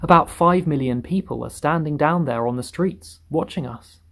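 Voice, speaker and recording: A frightened fire chief, pitched high and loud, screaming warnings and snapping back, played by a man reading a storybook. The voice keeps a gravelly rasp underneath. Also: normal speed. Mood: panicky. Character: panicky, jumpy male fire chief.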